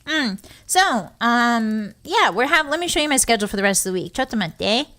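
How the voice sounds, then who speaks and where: A young woman hosts a relaxed livestream in a bright, high voice. She is giggly and playful, and she thanks her viewers warmly while trying not to cry. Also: normal speed. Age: young adult. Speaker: virtual streamer. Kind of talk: casual livestream chat.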